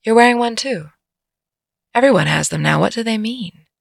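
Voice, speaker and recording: Uma, a gravelly-voiced stubborn young heroine, as a woman storyteller puts her on. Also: a little high, lively intonation, moderate pace, no echo, studio quality, voice pushed up, full character voice. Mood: bristling.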